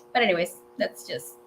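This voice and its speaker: A woman in her twenties hosting a tarot livestream, telling a story in a chatty, animated way, swearing freely and mixing in Spanish words. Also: mid-range voice, slow, a little hiss or hum. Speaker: tarot reader and livestream host. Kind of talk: casual storytelling chat.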